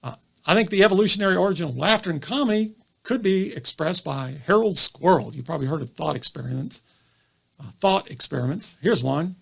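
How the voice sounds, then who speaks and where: An animated male doctor lectures straight to camera, his fairly high voice swinging up and down as he fires off rhetorical questions. A gravelly fry runs under his words, and he keeps a lively, explaining tone throughout. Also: brisk. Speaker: physician lecturing on comedy. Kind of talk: educational video monologue.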